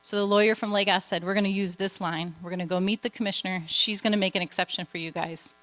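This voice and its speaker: A woman's voice: medium pitch, fairly even intonation, fast talker, fairly bright tone, no echo. A woman missionary giving an earnest, emotional testimony to a church. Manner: earnest storytelling, emotional at times.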